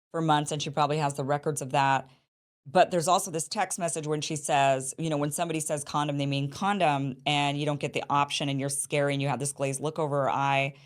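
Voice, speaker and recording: Woman, host, low-pitched, commentary, thinking aloud, restarts, thirties. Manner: thinking aloud, frequent restarts and "you know". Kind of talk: commentary on news allegations.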